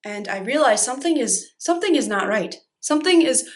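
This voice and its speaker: Young new girl, kinda high voice, dramatic and sweary, laughing thru her storytime vid. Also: lively intonation, fairly quick. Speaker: vlogger. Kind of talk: storytime vlog.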